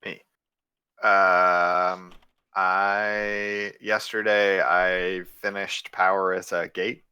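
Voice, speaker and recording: Man, low bright voice, halting stand-up update. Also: flat delivery, smooth, no room sound, dull audio. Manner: halting, many ums and restarts. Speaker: game programmer. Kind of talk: casual team stand-up meeting.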